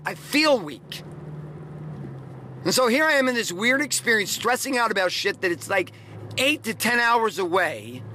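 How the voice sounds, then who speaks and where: A man's voice: high voice, pushed and bright, slight background noise. A middle-aged man hosting a podcast, telling profane, rambling stories in a casual motivational monologue. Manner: profane, rambling, emphatic storytelling. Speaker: podcast host.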